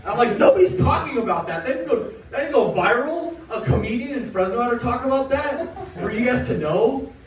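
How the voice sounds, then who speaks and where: A man's voice: very high-pitched, lively intonation, moderate pace. A young man doing a rambling, crude stand-up set at an open mic, reading jokes off a list on a small club stage. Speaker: stand-up comedian. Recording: echoey club recorded from far off.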